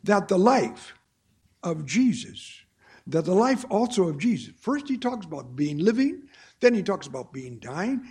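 A man preaching a sermon-style Bible study, reading texts slowly and deliberately, then pressing key phrases with emphasis. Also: sits high, very animated, darkish tone, slightly rough.

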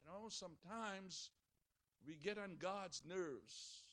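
High bright-voiced preacher, dramatic swings. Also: male voice, takes it slowly, no echo. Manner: dramatic, swings from shouting to hushed. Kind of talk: sermon.

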